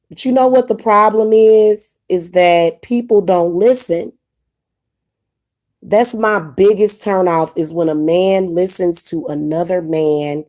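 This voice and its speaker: A woman's voice: on the low side, darkish tone. A woman vlogger ranting casually to her viewers, blunt and indignant, often repeating herself. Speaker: spiritual advice vlogger. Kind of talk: casual ranting monologue to camera.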